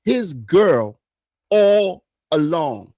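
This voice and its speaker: A man's voice: on the high side, sing-song, extremely slow, warm tone, no room sound, studio quality. A man hosting a casual podcast chat, getting impassioned and preachy, hammering his point home by repeating phrases. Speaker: podcast host.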